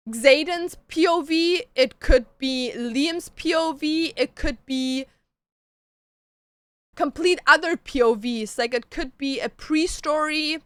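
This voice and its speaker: A woman's voice: sits high, a bit bright, no room sound. A woman streamer chatting casually with her chat, gushing about books and shows and swearing freely. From Canada.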